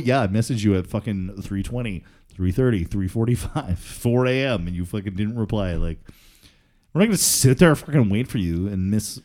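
A man's voice: on the low side, lively intonation, fairly quick, warm tone. A man, telling rambling, profane stories in casual chat and laughing often.

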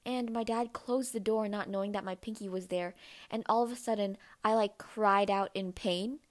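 A woman's voice: fairly even intonation, moderate pace. A young woman hosting a podcast, telling a personal story in a casual, chatty way, full of "like" fillers. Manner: chatty, many "like" fillers, acts out quoted voices in a higher pitch. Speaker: podcast host.

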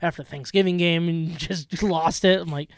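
A man with a notably high voice chats about football as a podcast co-host, excitable and quick to laugh, with plenty of restarts. His voice sounds close and dry, with no room around it. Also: clear, resonant tone, dry recording. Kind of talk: casual sports chat.

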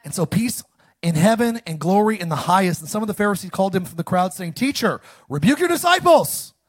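A man preaching a sermon as pastor, reading scripture and calling the congregation to repeat after him, with sudden loud, animated bursts. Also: sits high, a little fast. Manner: call-and-response, animated with sudden loud lines.

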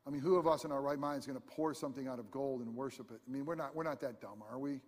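A man preaching a sermon as pastor, impassioned, swinging from hushed asides to loud cries. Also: mid-range voice, rapid-fire. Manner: impassioned preaching, rising to shouts. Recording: long hall reverb.

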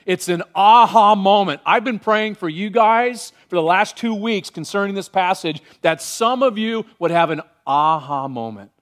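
Male pastor, sermon, fairly high voice, lively delivery, slows for scripture. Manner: animated, varied delivery, slows down when reading scripture aloud.

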